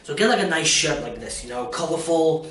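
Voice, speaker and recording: Rambling and joking, a young aspiring performer talks about auditions and performing in a self-recorded clip, saying "you know" a lot. His high-leaning voice is lively in intonation, a little fast and fairly bright. He was recorded from a distance in an echoey space.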